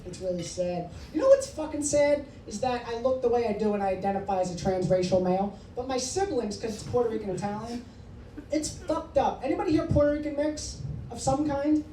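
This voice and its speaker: A man's voice: very high-pitched, brisk, warm tone. Brash, foul-mouthed male stand-up comic. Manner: brash, profane, teasing the audience. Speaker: stand-up comedian. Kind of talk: stand-up comedy with crowd work. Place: comedy club with a live audience. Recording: echoey room, distant mic, noisy.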